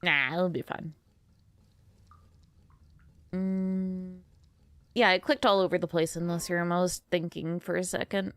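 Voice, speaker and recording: Drowsy woman streamer, rambly and giggly with chat, smooth voice in a dead-dry room. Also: lowish voice, steady tone, a little slow, pauses often, fairly bright tone, no room sound. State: sleepy. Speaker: game streamer. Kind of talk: casual gameplay commentary.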